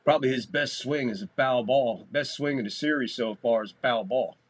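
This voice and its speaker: A man with a medium-pitched voice talks a little fast while hosting a live baseball stream. His play-by-play is casual and loose, he swears freely, and he gets loud whenever a big play happens.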